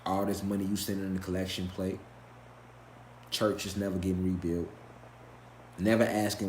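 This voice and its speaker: Speaking a little fast but with long pauses, a man with a lowish voice delivers an emphatic, profane spiritual lecture to a live class, posing rhetorical questions and answering them himself. The lecture room sounds roomy, with slight background noise.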